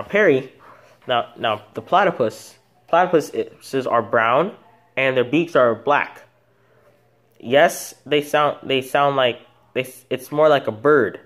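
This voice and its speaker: A man hosting an animal video channel, talking casually off the cuff, rambling with many false starts and self-corrections. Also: medium pitch. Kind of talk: casual unscripted animal talk.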